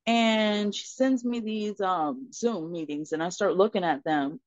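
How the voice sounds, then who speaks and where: A woman guest on a podcast, telling a personal story in an earnest, expressive way. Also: medium pitch, unhurried, no echo. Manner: earnest and expressive, acting out dialogue in her story. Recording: slightly muffled, dry recording.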